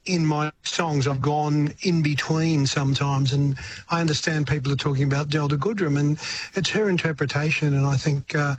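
A man's voice: fairly high pitch, fairly even intonation, normal speed, slight background noise. An older Australian man, a veteran musician, giving a radio interview in a reflective, rambling way and often restarting his sentences. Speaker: musician guest.

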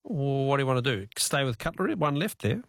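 A man's voice: medium pitch, expressive, fairly quick, no room sound. A man with an Australian accent hosting a radio quiz, chatting casually with callers in a chuckling, self-deprecating way from a studio mic. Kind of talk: casual radio talkback chat. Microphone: studio microphone.

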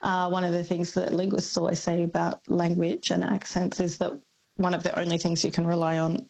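A woman's voice: lowish voice, little pitch movement, brisk, creaky, darkish tone, low-quality recording. A woman, a linguistics academic on radio, speaking hesitantly with many ums. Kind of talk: radio interview.

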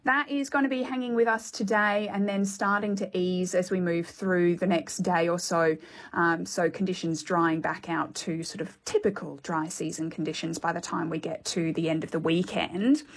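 A woman's voice: lowish voice, fairly even intonation, moderate pace. A woman on radio, chatting with giggles and giving a weather report. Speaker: weather presenter.

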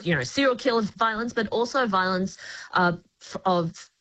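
A woman reviewing screen shows in a casual radio chat. Her voice sits at a middle pitch, and she explains things in an articulate way with lively emphasis. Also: normal speed, lo-fi sound. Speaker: screen critic.

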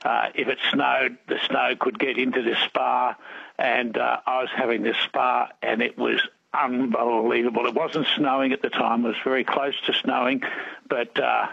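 A man calls in over a muffled phone line. His voice is gravelly, husky and bright. He chats hesitantly with a lot of ums. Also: medium pitch, flat delivery, moderate pace. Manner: chatty, hesitant with many ums, chuckling. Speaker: caller. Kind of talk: casual phone-in chat.

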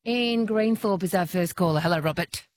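A middle-aged Australian woman hosts evening talkback radio on a studio mic. She talks chattily and laughs often as she puts questions to her listeners. Her voice sits a little low for a woman. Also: normal speed, slight background noise.

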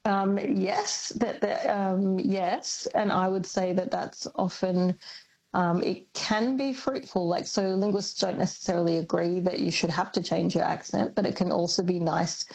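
Gravelly husky Australian woman. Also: lowish voice, fairly even intonation, measured pace, darkish tone. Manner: thoughtful, hesitant, many ums. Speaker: linguist guest. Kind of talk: radio interview.

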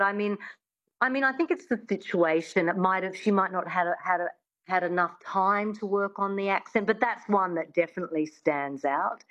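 Chatty Australian accent coach, dull line. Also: female voice, on the low side, fairly bright tone. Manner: chatty, many restarts and "I mean". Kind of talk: interview guest.

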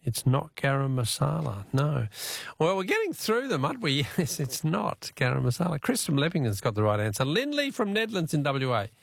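A jovial Australian man runs a radio quiz, his voice slightly raised and gravelly. He takes callers one after another with easy banter. The sound is dry and close. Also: fairly high pitch, wildly swooping pitch, brisk, no echo. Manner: jovial, laughs often.

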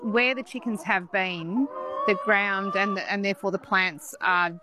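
A woman's voice: medium pitch, fairly even intonation, measured pace. A woman rural reporter asking curious, probing questions in an outdoor field interview. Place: outdoors on a farm. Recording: outdoor field recording with noise.

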